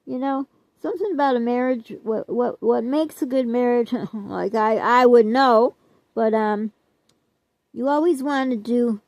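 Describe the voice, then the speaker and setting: A woman's voice: a little high, a little slow, creaky, dark tone, dry recording, poor audio. An older woman vlogger chatting casually to her viewers, rambling and self-deprecating, often trailing off with "I don't know.".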